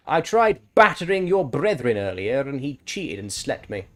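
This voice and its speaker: A man talks loosely while playing a game on stream. He rambles with restarts and fillers, gets excited and swears freely. His voice sits at an ordinary middle pitch for a man. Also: unhurried, faint music behind. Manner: chatty, enthusiastic, swears freely. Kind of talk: casual chat while gaming.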